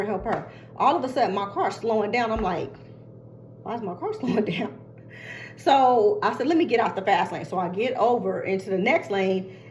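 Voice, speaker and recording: An older woman casually telling a long story, chatty and animated, acting out what others said. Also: medium pitch, slight background noise. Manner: chatty, animated retelling with quoted voices.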